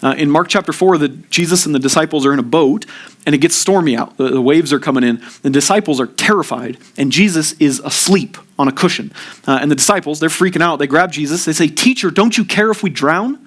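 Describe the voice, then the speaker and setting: A man preaching a sermon as pastor, earnest and steady, often repeating the first word as he starts a sentence. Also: fairly high pitch, fast talker. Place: church.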